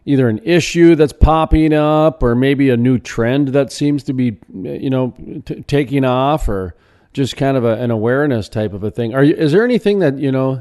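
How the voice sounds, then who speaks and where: A man's voice: medium pitch, mellow. A man hosting an interview, asking long rambling questions with restarts. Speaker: radio show host.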